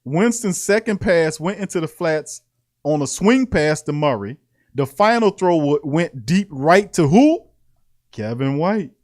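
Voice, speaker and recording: A man hosting a casual sports talk show, reading out practice notes and reacting with animated, laughing commentary. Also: on the high side, unhurried. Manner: animated, laughing, repeating lines for emphasis.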